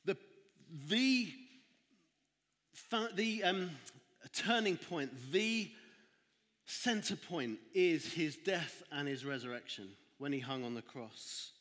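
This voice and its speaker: A man's voice: a little high, slow pace, a bit bright. A man giving a church children's talk, reading a Bible story and retelling it with dramatic asides. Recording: echoey hall.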